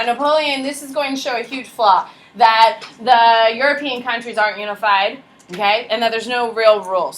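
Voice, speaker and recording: A young woman teaching a high school history class, lively and casual, joking and chatting with her students between points. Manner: animated, casual and slangy, jokes with students. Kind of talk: classroom lecture.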